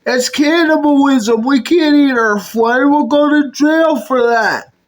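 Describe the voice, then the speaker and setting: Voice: high voice, slow pace. A puppet video maker performing every character in a comedy skit, switching between bickering character voices.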